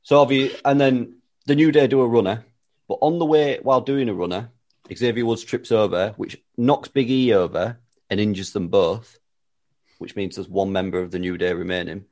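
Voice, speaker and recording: A man's voice: on the low side, steady tone, moderate pace, a little mellow. A man casually telling a made-up wrestling-style storyline with dry, playful tangents. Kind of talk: casual chat, pitching a joke storyline.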